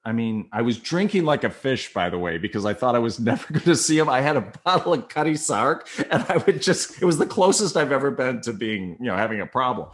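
A man from Minnesota telling an emotional personal story in a mid-pitched voice. He acts out each voice and swings from hushed, dropped lines to sudden high, loud ones. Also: sing-song, brisk, hardly any pauses.

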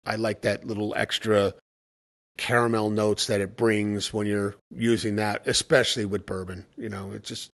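A man's voice: fairly low pitch, flat delivery, normal speed, creaky, fairly bright tone. Man telling stories about cocktails. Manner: anecdotal storytelling, acting out quoted exchanges. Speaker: cocktail educator. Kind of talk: casual conversation.

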